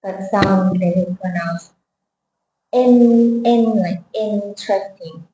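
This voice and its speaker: A woman's voice: mid-range voice, takes it slowly, mellow. Hesitant woman student. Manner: hesitant questions. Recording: echoey room, faint noise.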